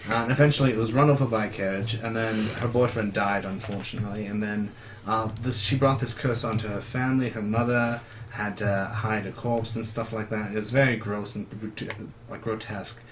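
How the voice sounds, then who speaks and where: A man's voice: on the low side, steady tone, a little hiss or hum, close to an everyday voice. A man voicing a tired young male monster-hunting bard in a tabletop game, rambling and stumbling over his words. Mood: storytelling. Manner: rambling, halting, repeats words.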